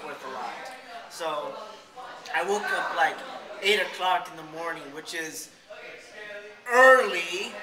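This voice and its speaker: A man casually telling a rambling, jokey childhood story, swearing now and then, in a school hallway. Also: high voice. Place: school hallway outside a band room. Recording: echoey hallway.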